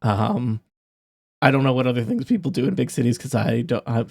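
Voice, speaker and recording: A man's voice: medium pitch, animated, fairly quick, gravelly, no echo, studio quality. A man narrating as game master in a casual, joking way, with many fillers and restarts.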